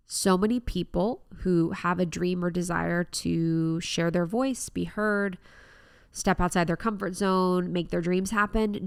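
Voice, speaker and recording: Young female podcast host, lowish voice with vocal fry, earnest and reflective, dry close mic. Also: no echo. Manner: warm, earnest, reflective self-help talk. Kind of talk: solo podcast monologue.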